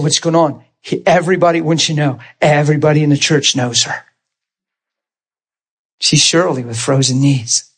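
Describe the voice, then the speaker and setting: A man preaching a sermon in a church, telling healing stories in an animated way and often crying out in excitement. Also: mid-range voice, breathy edge. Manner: animated, shouts and cries out in excitement. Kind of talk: sermon with testimony storytelling.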